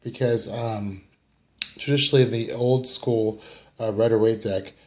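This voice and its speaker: A tired young man from the United States reads tarot casually for the week, recorded on a camera mic with a little hiss or hum. His voice is fairly low and darkish, his intonation fairly even and his pace measured, and he rambles with fillers, yawning and apologizing.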